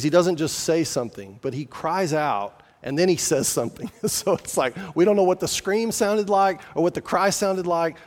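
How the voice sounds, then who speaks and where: A man's voice: on the high side, in a large hall. A man preaching a sermon in an earnest, conversational way, often asking the listeners questions. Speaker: pastor.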